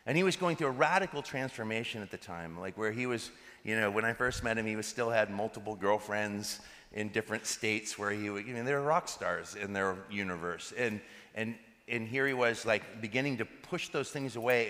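A man, a pastor, giving a sermon that is full of lively stories. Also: lowish voice. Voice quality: animated, laughs between anecdotes. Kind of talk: sermon with storytelling. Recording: reverberant hall.

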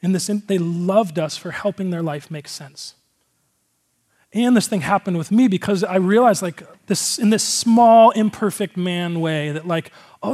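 A man's voice: high-pitched, a little mellow. A male pastor giving a casual, conversational sermon, earnest and rambling, with a lot of filler words.

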